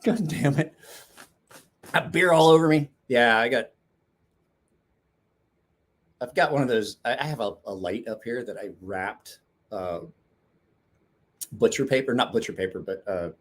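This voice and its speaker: At a moderate pace and medium pitch, a man in his forties hosts his knife-sharpening chat show from the garage at home. He rambles casually, swearing and laughing often along the way.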